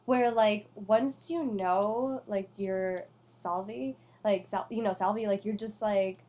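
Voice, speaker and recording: A woman hosting a casual chat, talking in an animated, chatty way full of fillers. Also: mid-range voice, slow pace.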